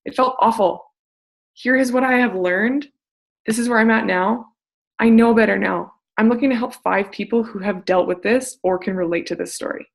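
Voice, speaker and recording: A young woman coaching a group call on network marketing, energetic and chatty, swearing casually. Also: medium pitch, moderate pace, gravelly.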